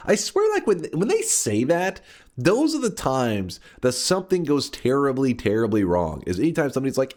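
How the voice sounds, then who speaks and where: A man streaming a game, talking casually in an animated, mock-dramatic way and swearing often. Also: mid-range voice, moderate pace. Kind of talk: casual livestream commentary.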